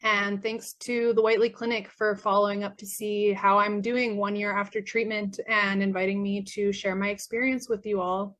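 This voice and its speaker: A woman's voice: mid-range voice, flat delivery, normal speed, few pauses, fairly bright tone. Earnest young woman from Canada. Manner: earnest, grateful, with frequent fillers. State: losing her voice. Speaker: former patient. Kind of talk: personal testimonial.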